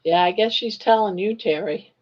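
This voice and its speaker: A woman's voice: medium pitch, moderate pace, highs cut off. An older woman hosting a casual crochet live stream, chatting, teasing viewers and counting stitches aloud.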